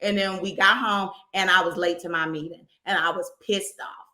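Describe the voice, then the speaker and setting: Woman podcast host ranting through a story, bright high voice, echoey room. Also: normal speed. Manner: animated, profane, acts out quoted people. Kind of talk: casual chat, storytelling.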